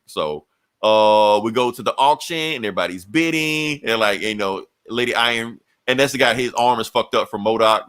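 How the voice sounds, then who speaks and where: A man co-hosting a podcast, retelling a comic book story and jumping into quick voices for each character. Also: medium pitch, fairly bright tone. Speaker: podcast co-host. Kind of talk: animated comic book recap.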